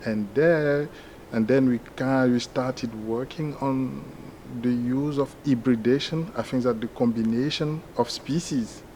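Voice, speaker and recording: A man from Ivory Coast speaks English with a French accent, his first language showing through. He answers slowly and pauses often to find the right words. A faint background noise sits under his voice. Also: medium pitch, mellow. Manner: hesitant, searching for words. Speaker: university lecturer. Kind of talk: interview answers.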